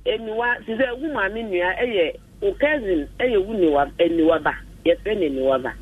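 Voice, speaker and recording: A man's voice: high voice, expressive, brisk, slightly rough. A Ghanaian man calling in to a radio show over the phone, hesitant and repeating himself. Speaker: radio caller. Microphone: telephone. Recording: tinny distant phone line.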